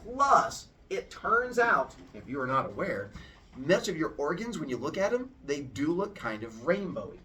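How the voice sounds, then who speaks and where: A man's voice: on the high side, sing-song, normal speed, pushed and bright. A man teaching children, retelling a myth playfully and quizzing the class. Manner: playful, asks the class questions. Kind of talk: animated storytelling lesson to children. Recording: from far off in a classroom.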